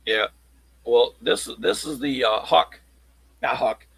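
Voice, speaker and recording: A man chatting casually on a livestream, showing his locksport tools in a halting, rambling way. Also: mid-range voice, gravelly, fairly bright tone, husky, no room sound, low-quality recording. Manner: halting, rambling show-and-tell.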